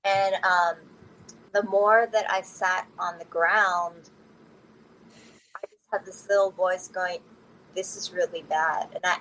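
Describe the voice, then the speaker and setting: A woman speaks slowly and unhurriedly, recounting a personal story in open conversation. She is candid and often laughs through the hard parts. A faint hum sits under her voice. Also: lowish voice, a bit bright, low-quality recording. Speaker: interview guest.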